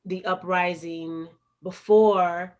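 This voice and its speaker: A woman's voice: on the low side, steady tone, takes it slowly, darkish tone. A woman with a Chicago accent, a poet and activist telling her story as a guest in an interview, earnest and emphatic. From United States.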